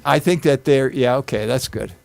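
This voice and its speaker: A man's voice: mid-range voice, moderate pace, vocal fry, dry recording. A man leading a casual group discussion and retelling a story, with acted quotes thrown in. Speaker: discussion leader.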